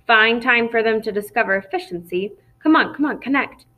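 A woman reading an audiobook, voicing an indignant, forceful middle-aged father who speaks coldly and sarcastically. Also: fairly high pitch, expressive, a little fast, poor audio. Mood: anxious, impatient. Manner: cold, sarcastic, commanding.

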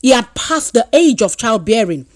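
A woman's voice: fairly high pitch, very animated, normal speed, dry recording. A woman preaching a sermon, asking her listeners direct questions and quoting scripture often.

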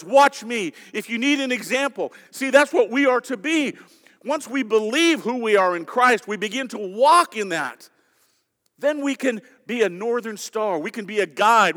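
A man with a high voice preaching to his congregation. He quotes scripture and keeps putting direct questions to his listeners with emphatic delivery. His voice rings out in a church sanctuary with a long, trailing reverb. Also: pushed and bright. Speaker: pastor. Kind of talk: sermon.

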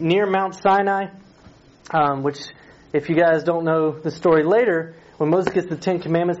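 A man, a youth pastor, retells a Bible story in a chatty, playful sermon and asks his listeners questions. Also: sits high. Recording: slightly dull recording with faint hiss.

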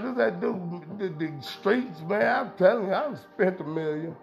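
A man's voice: high-pitched, animated, normal speed, vocal fry. A man hosting a podcast in a rambling, profane, emphatic casual monologue. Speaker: podcast host. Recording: dull lo-fi sound with music behind.

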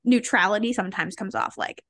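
A woman's voice: medium pitch, brisk, fairly bright tone, dry recording. A young woman guesting on a podcast, talking candidly and loosely with lots of filler words and frequent laughs. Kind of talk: casual conversation.

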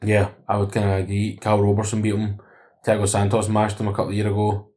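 Low-voiced chatty man. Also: completely flat delivery, fast, warm tone. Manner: chatty, keen, quotes records. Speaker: podcast co-host. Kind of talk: casual sports chat.

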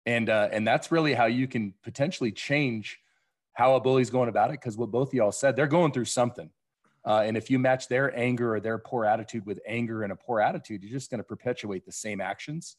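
A man who coaches youth baseball tells stories from the field in a casual podcast chat. His voice sits at an ordinary pitch, and he speaks plainly and thoughtfully. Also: brisk.

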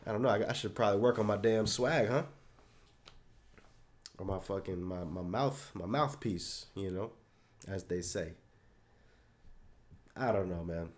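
A man's voice: on the low side, a little slow, long pauses. A young man hosting a solo podcast, rambling off the cuff in a loose, profane, self-deprecating way with lots of fillers. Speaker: podcast host.

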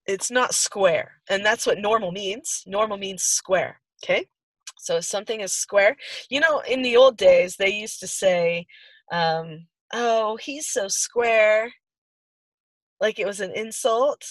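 A woman's voice: mid-range voice, moderate pace, no echo. Woman foster parent, earnest storyteller, medium voice, dry close sound. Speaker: foster parent and podcast co-host. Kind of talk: casual conversational talk.

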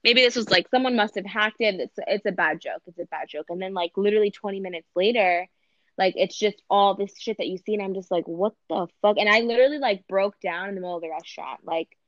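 A young woman co-hosting a casual chat, talking in a chatty, animated way and swearing casually. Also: mid-range voice, fast talker, no echo, muffled recording.

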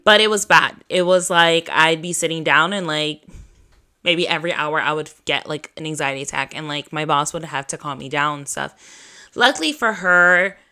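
A woman's voice: low-pitched, normal speed, bright, forceful tone, clear, resonant tone. A woman hosting a podcast who tells a personal story in a casual, chatty way. She swears freely, leans on "like", and laughs at herself between lines. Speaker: podcast host.

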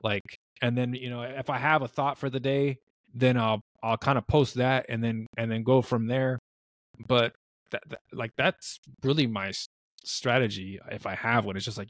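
A man's voice: mid-range voice, fairly even intonation, normal speed, dry recording. A man chats casually as a podcast co-host, his mid-range voice loose and rambling, often slipping into quoted asides. The sound is dry and close. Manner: easygoing, rambling, acts out quotes. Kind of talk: casual chat.

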